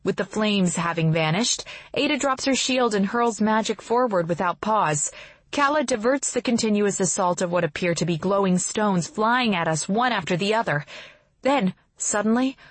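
Woman, audiobook narrator, husky tone, dry close recording, steady first-person telling. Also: mid-range voice, normal speed, dry recording.

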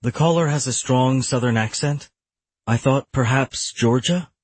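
A man voicing a polite young woman working in an office, hesitant and careful in a husky voice. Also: mid-range voice, measured pace, no room sound, pitched above the performer's own voice.

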